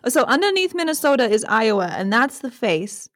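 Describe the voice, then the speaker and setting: A woman's voice: fairly high pitch, very animated, brisk, fairly bright tone, no room sound, clean studio sound. A young woman hosting a podcast, chatty and self-deprecating, laughing often. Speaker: podcast host. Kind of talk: casual chat.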